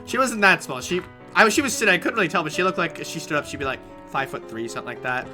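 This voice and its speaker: Animated, bright-voiced man telling a story. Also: fairly high pitch, racing, soft background music. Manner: animated, swears freely, restarts mid-sentence. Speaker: live streamer. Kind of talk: casual storytelling while gaming.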